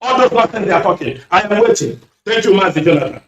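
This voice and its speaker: A man's voice: high voice, animated, fast. A man calling in to a radio show, speaking fiercely and accusingly with lots of repetition. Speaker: caller. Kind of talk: impassioned radio call-in speech. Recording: echoey distant lo-fi phone line.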